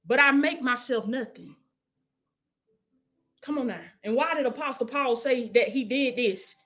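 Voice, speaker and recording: Woman preacher with a high voice, casual sermon delivery that swings between urging and soft prayer. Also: animated, a little slow, long pauses. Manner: preaching with call-and-response, dropping to hushed prayer.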